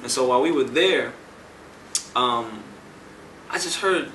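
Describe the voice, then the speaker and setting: A man, a music producer, telling his story in an interview at an indoor venue, animated and acting out the dialogue he recounts. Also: medium pitch, measured pace, a little hiss or hum. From United States. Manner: animated, acts out quoted dialogue. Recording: echoey room, mic at a distance.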